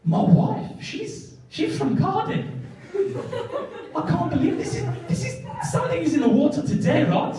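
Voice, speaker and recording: A comedian acting out an excitable male business client with a put-on South African accent, high and gushing. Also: measured pace, over music, heavily acted. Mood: astonished. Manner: eager, gushing, high-pitched. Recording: echoey club, mic from far off, audience.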